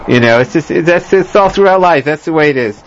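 Slightly high and expressive, a man's voice moves fast through a scripture lesson as a Bible teacher. Fillers, restarts, and joking asides fill his rambling talk, recorded in dull lo-fi sound with a little hiss or hum.

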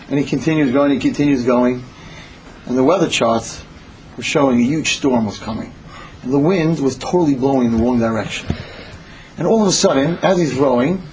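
A man telling a parable as a storytelling sermon, animated and repetitive in his phrasing. His voice sits a little higher than most men's, with faint background noise. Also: fairly quick, low-quality recording.

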